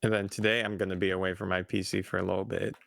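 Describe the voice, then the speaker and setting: A man's voice: deep voice, level tone, rapid-fire, creaky, a bit bright. A young man chatting casually with a co-streamer, laid-back and giggly, with short reactions. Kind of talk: casual chat on a livestream.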